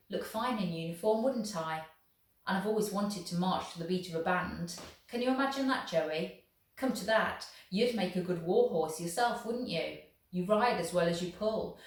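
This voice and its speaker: A woman's voice: medium pitch, moderate pace, distant mic, lightly acted. Woman reading as an earnest teenage farm boy. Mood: eager. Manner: earnest, gentle and hopeful. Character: fifteen-year-old farm boy, eager and fond. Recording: echoey room, voice off the mic.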